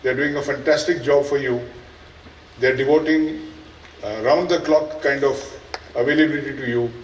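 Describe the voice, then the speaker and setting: A man's voice: medium pitch, steady tone, moderate pace, a little hiss or hum. A man with an Indian English accent, head of a school, giving an earnest valedictory speech to students with dry humour. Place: large school event hall. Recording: echoey hall, voice from a distance.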